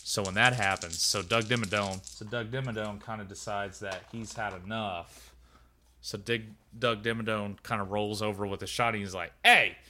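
A man's voice: lowish voice, fairly even intonation, moderate pace, sharp tone. A man narrating a tabletop game as game master, talking casually and rambling with lots of filler words.

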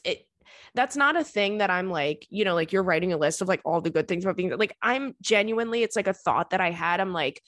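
A woman's voice: mid-range voice, fairly quick, a bit bright, no echo. Woman, thirties, blunt and sweary, riled-up casual chat, dry close sound. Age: 30s. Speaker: podcast host giving advice.

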